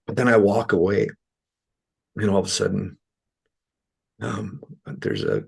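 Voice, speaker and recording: A man from Canada with a low, gravelly, husky voice, telling stories as an interview guest. He talks in an animated way and acts out other people's lines as he goes. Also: measured pace. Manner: animated, acts out quoted dialogue. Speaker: musician guest. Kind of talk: storytelling interview talk.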